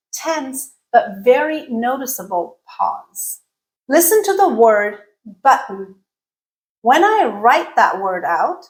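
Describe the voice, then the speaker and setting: A woman giving a video lesson on English pronunciation, explaining clearly and deliberately and demonstrating sounds slowly. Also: on the high side, poor audio.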